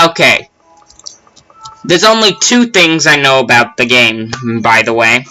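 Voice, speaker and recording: A man's voice: medium pitch, big pitch swings, measured pace, sharp tone, low-quality recording. A young man giving casual, rambling let's play commentary with self-deprecating asides. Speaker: gaming channel host.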